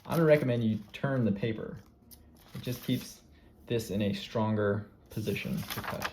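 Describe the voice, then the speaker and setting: Calm man teaching step by step. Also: on the low side, normal speed, noisy background. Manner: calm step-by-step instructions, repeating cues. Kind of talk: classroom craft demonstration.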